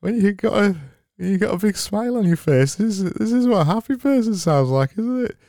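A man putting on a high, sing-song, over-cheery voice of a forced happy man, with faint music behind. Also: slow pace, darkish tone, dry recording. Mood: gushing.

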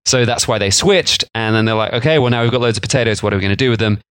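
A man's voice: lowish voice, racing, fairly bright tone, clean tone, dry recording. A man co-hosting a casual podcast, chatty and jokey, rambling through explanations. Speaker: podcast co-host. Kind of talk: casual chat.

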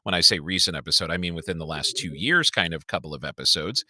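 Lively, bright-voiced male podcast co-host. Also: quick pace, dry recording. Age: middle-aged. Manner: animated, swears freely, lively swings in pitch. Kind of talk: casual chat.

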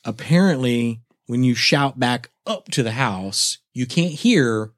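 A middle-aged man co-hosting a podcast, telling a story in casual chat, animated and swearing, acting out his own shouts. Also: medium pitch, slow, no echo. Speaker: podcast co-host.

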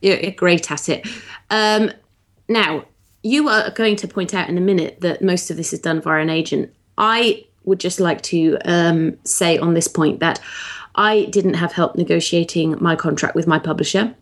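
A woman's voice: lowish voice, moderate pace. A woman co-hosting a podcast about writing, chatting casually and poking fun at herself. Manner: self-deprecating, lively, laughs easily. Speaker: podcast co-host, poet.

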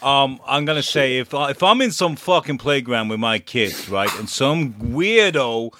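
A man's voice: medium pitch, expressive, unhurried, sharp tone. A man voicing a rude, foul-mouthed, aggressive alter ego of himself, swearing brashly during a casual group quiz chat. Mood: boastful.

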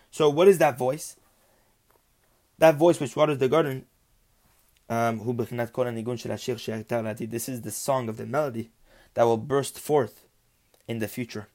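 Male Torah teacher at an ordinary pitch, explaining Hebrew terms in a rhythmic, repetitive teaching style. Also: darkish tone. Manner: explains Hebrew terms then translates them; rhythmic, repeats phrases with rising emphasis. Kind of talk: religious text lesson.

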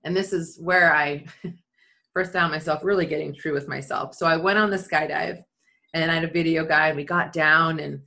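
A woman's voice: low voice, steady tone, normal speed, creaky, bright, forceful tone. A middle-aged woman, a skydiving athlete and leadership speaker, telling a personal story in conversation and acting out quotes.

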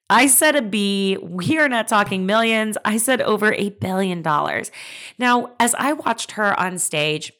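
Woman podcast host, slow deliberate pace, lowish voice, earnest confiding storytelling. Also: fairly bright tone.

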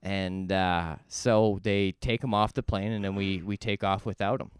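A man, a comedian co-hosting a podcast, telling a story in a laid-back, deliberate way. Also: low voice, steady tone, clear, resonant tone, no echo, clean studio sound. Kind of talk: casual storytelling chat.

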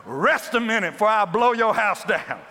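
A man's voice: high-pitched, expressive, measured pace, sharp tone, in a large hall, heavily acted. A man acting out God as a playful, scolding father figure during a sermon. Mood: teasing.

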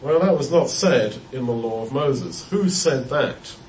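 Male Bible teacher, mid-pitched, thoughtful, repeats himself as he explains; echoey room with faint ambience. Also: expressive, measured pace, a little mellow, slight background noise. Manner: thoughtful, explanatory, with frequent restarts and repeated words. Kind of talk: unscripted Bible study talk. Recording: roomy echo, heard from a distance.

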